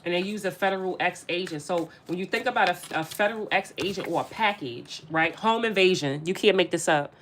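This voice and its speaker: A woman's voice: fairly low pitch, brisk, hardly any pauses, fairly bright tone, slight background noise. A woman giving a casual spiritual tarot reading straight to her viewers, emphatic and repeating her phrases as she addresses them directly. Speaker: tarot reader.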